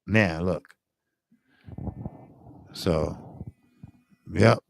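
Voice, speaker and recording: A man's voice: deep voice, extremely slow, vocal fry, a little hiss or hum. A man hosting a boxing channel, talking casually on a live stream in an earnest, blunt way and repeating himself for emphasis.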